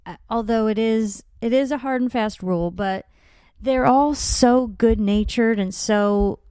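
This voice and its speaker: A woman's voice: on the high side, unhurried, warm tone, clear, resonant tone, no room sound, studio quality. A young adult woman guesting on a podcast, chatting agreeably and giggling often. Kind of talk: casual chat.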